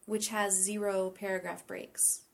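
A woman teaching English pronunciation in a relaxed chat, explaining with lots of examples. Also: mid-range voice, measured pace, vocal fry, slight background noise. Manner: explains with many examples and light laughter.

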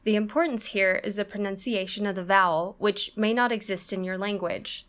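A woman co-hosting an English-learning podcast, reading a scripted lesson and slowing down to model each sound. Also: mid-range voice, a bit bright. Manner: careful, explanatory, slows down on example sounds. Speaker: podcast co-host, English teacher.

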